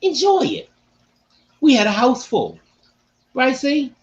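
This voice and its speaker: A man hosting a casual sports-talk podcast, animated and repeating phrases for emphasis. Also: very high voice, takes it slowly, dull audio. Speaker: podcast host.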